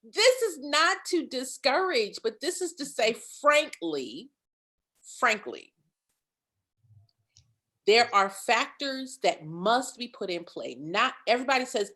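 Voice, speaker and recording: A woman with a fairly high voice guests on a candid interview over a video call. Her delivery is emphatic and full of energy, and her pitch swings widely as she makes her points. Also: slow pace. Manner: emphatic and animated, laughs loudly, gets loud when passionate. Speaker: nonprofit consultant guest.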